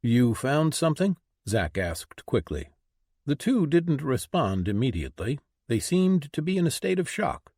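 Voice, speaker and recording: A man narrating a fantasy audiobook in an expressive reading style. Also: medium pitch, no room sound, clean studio sound.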